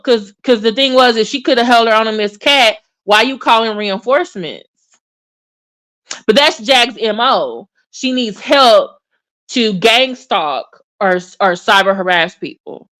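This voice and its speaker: A woman hosting a casual livestream commentary, chatty and animated, with many fillers and restarts. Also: on the high side, measured pace. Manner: addresses viewers in chat by name. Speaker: commentary channel host.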